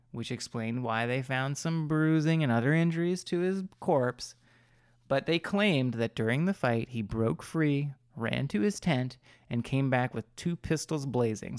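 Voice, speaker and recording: A man's voice: mid-range voice, no echo, studio quality. A man co-hosting a podcast, telling a story in a rambling, self-deprecating way, laughing often and tripping over his words. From Maryland. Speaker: podcast co-host. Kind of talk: casual storytelling chat.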